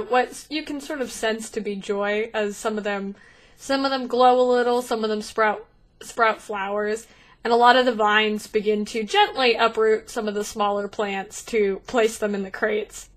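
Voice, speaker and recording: Bright-voiced woman game master. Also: fairly high pitch. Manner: lively, descriptive, with fillers. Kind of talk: narrating a tabletop game.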